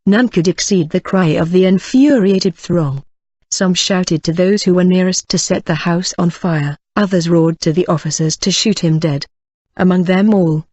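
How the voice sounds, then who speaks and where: An audiobook reader narrating a classic novel in a steady, even way. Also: medium pitch, dry recording, lo-fi sound.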